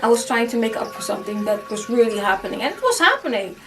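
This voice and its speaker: A woman casually telling a personal ghost story to camera, animated and full of "like" fillers. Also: fairly high pitch, fast talker, recorded from a distance, noisy background. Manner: animated, acts out her own past reactions, many "like" fillers. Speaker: storytime YouTuber.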